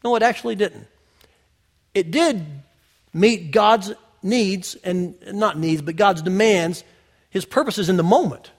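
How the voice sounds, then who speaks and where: Male pastor, conversational sermon style, slightly high-pitched, shifts between loud and hushed. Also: slow pace. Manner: conversational preaching with big swings from loud to hushed; personal storytelling, addressing the congregation directly.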